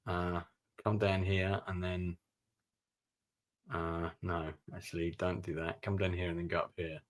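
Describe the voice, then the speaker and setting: A man's voice: deep voice, flat delivery, measured pace. A man streaming a strategy game, giving gameplay commentary and thinking aloud with muttered asides.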